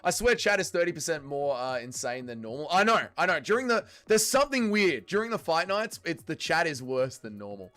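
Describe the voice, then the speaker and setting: A man's voice: on the high side, sing-song, a little fast, hardly any pauses, pushed and bright. A young man hosting a casual livestream watch-along, reading viewer chat aloud, bantering and swearing freely. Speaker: livestream host.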